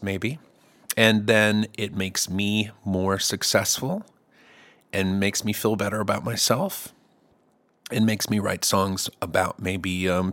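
A man's voice: fairly low pitch, fairly bright tone. A middle-aged man hosting his own music podcast, talking in a loose, comic, rambling way. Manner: loose, comic, with playful put-on voices. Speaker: podcast host and songwriter. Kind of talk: casual rambling monologue.

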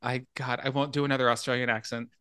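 A man hosting a casual horror movie podcast, recounting scenes with animated asides and a few laughs. His voice is at an ordinary middle pitch. The recording is dry and close, with little room sound. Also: normal speed, no room sound. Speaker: podcast host. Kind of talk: casual film discussion.

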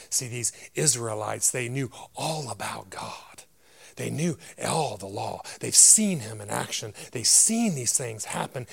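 A man preaching a sermon as a pastor, with a loud, grumbly voice and a direct, emphatic manner full of rhetorical questions. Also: mid-range voice, creaky, husky.

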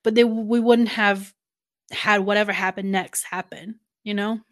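A woman's voice: mid-range voice, steady tone, measured pace. Thoughtful woman chatting casually. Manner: thoughtful, full of filler words. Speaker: podcast co-host. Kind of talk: casual chat recapping a TV series.

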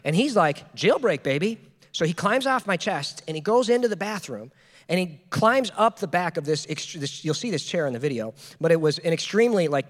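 A man in his thirties, a pastor, giving a lively conversational sermon full of questions to the congregation. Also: high voice. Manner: animated, conversational, rhetorical questions. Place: church hall. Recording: reverberant church hall.

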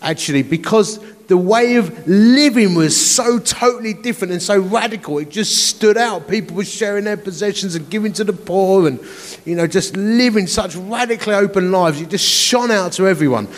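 A man's voice: high-pitched, moderate pace. A man in his forties, a pastor, preaching a conference sermon in a chatty, self-mocking storytelling way. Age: 40s. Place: large conference hall. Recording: echoey conference hall.

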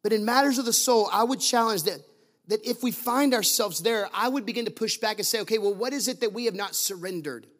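A man with a high-pitched voice delivers a sermon as the pastor. He preaches emphatically, leaning on repetition and strings of rhetorical questions aimed at the congregation. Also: brisk, a bit bright.

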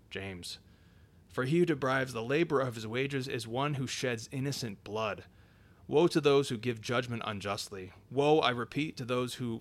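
Solemn man reading an old sermon. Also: medium pitch. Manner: measured, solemn reading; drops quieter for scripture citations. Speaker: reader. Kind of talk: reading a patristic sermon aloud.

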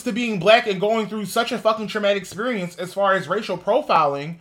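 A man's voice: high-pitched, fairly quick, few pauses, fairly bright tone. A man co-hosting a gossip podcast, ranting heatedly and swearing constantly in casual chat. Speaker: podcast co-host.

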